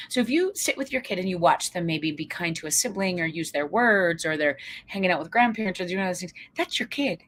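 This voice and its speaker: Woman keynote speaker, psychologist, lowish bright voice, conversational, playful, acts out the quotes. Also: a little hiss or hum. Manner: animated storytelling, acts out quoted voices, humorous asides; conversational, checks in with the audience. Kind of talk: lively keynote talk to parents and educators.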